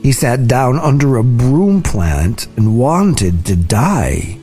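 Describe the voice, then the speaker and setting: A man reading scripture aloud in a slow, deliberate, soft-spoken way. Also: medium pitch, big pitch swings. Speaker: scripture reader. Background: soft guitar music.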